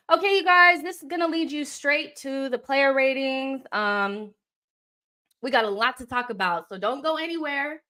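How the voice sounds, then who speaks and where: A young woman hosts a live football watchalong, her slightly high voice full of exasperation as she yells at the referee and players.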